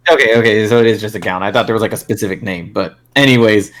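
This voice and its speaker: A man's voice: lowish voice, quick pace, fairly bright tone. A young man co-hosting a podcast, telling a crude rambling story with lots of fillers and laughs. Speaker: podcast co-host. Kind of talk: crude casual chat.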